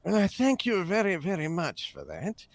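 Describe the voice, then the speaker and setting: A man impersonating a classic film actor as a suave older English gentleman, with a smooth, languid upper-class accent. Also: high voice, wildly swooping pitch, normal speed, full character voice. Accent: upper-class English impression.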